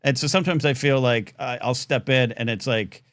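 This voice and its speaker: A man hosting a live call-in talk show in a casual chat, animated, often jumping up into playful high tones with many restarts. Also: normal speed, no room sound, clean studio sound.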